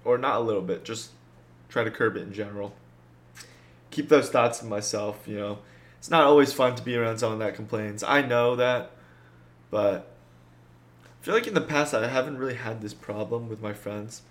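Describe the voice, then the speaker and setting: A man's voice: medium pitch, normal speed, pauses often. A man in casual conversation, reflecting on himself, hedging and restarting his phrases. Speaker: guest.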